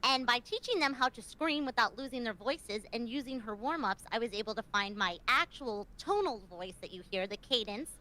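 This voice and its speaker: A high, lively woman's voice, bright and animated, swinging up and down as she chats on a panel. She is excitable, gasping and squealing between her stories. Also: normal speed, few pauses, low-quality recording. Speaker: streamer panelist. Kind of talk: casual panel chat.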